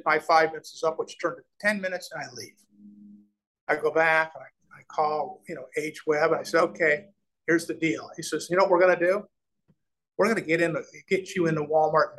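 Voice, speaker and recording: A man's voice: a little high, poor audio. A middle-aged man from Nebraska telling business stories in an interview, acting out the people he quotes, with frequent restarts. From Nebraska, USA. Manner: animated storyteller, acts out quoted voices, frequent restarts. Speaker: real estate developer, guest. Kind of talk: conversational storytelling interview.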